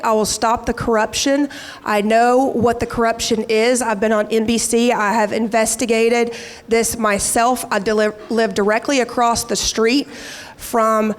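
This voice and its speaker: Combative woman candidate, fairly high voice. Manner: combative, indignant. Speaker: political candidate. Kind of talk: campaign speech. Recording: hall reverb.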